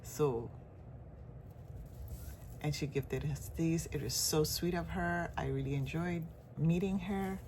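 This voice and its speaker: A woman's voice: low-pitched, takes it slowly, pauses often, a little mellow, slight background noise. A woman chatting casually in a stitching vlog, rambling and laughing often. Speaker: cross-stitch vlogger. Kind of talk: casual chat.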